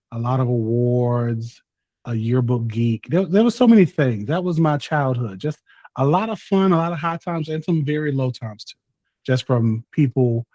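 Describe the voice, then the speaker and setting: Southern man, thirties, chatty and playful guest, mid-pitched, close dry mic. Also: dark tone, no room sound. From North Carolina, US. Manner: exuberant, talkative, playful. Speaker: podcast guest, content creator. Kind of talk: casual chat.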